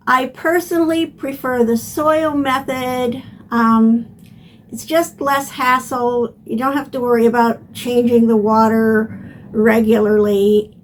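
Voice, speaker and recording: An older woman hosting a home gardening lesson, explaining step by step in a plain, unhurried way. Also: fairly high pitch, slight background noise. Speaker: gardening channel host. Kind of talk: instructional gardening video.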